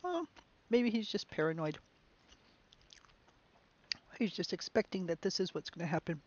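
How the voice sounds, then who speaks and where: A woman giving chatty, musing let's play commentary on a game, with bursts of excitement. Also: lowish voice, normal speed, highs cut off. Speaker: game streamer.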